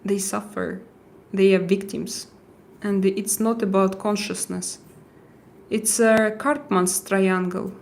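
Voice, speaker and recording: A woman hosting a casual live chat, talking hesitantly with many fillers, pauses and restarts. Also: mid-range voice, fairly even intonation, gravelly, a little hiss or hum. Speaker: livestream host.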